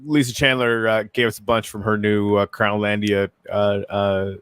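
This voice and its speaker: A man hosting a casual podcast chat, talking in a halting way full of fillers. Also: on the low side, little pitch movement, fairly bright tone, clear, resonant tone, no echo. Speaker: show host.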